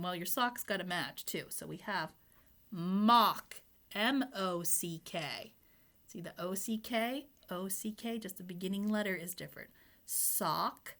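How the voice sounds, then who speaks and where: A woman teaching young children to read, spelling out letters one by one and sounding out each word. She talks at a slow, unhurried pace with a bright, forward tone. She prompts the children with gentle questions as she goes. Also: medium pitch. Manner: speaks to the children, asking questions and prompting answers. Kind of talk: phonics lesson for young children.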